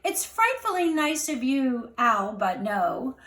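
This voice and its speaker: A clever little brown mouse from a storybook, read aloud by a woman, who talks slowly and softly with a knowing calm. The voice sits high and unhurried. The room has a noticeable echo. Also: full character voice. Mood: coolly polite.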